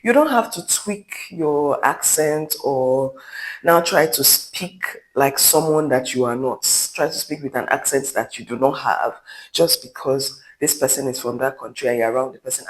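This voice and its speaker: A man's voice: medium pitch, animated, moderate pace, poor audio. A man from Nigeria with a Nigerian accent, giving his opinions in a vlog in a candid, emphatic way with rambling asides. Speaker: vlogger.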